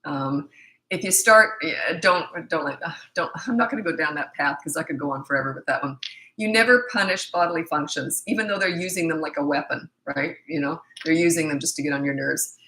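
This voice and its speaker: A woman's voice: low voice, brisk, pushed and bright. A middle-aged woman parenting coach answering viewer questions in a live Q&A, blunt, confident and emphatic. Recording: echoey room.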